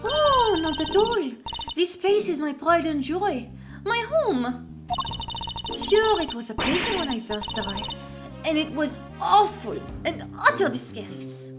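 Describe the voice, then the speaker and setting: A woman's voice: very high voice, big pitch swings, takes it slowly, pitched above the performer's own voice, full character voice. A woman voicing a fawning middle-aged female prison warden who talks in sugary endearments. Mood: gushing. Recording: loud game music behind.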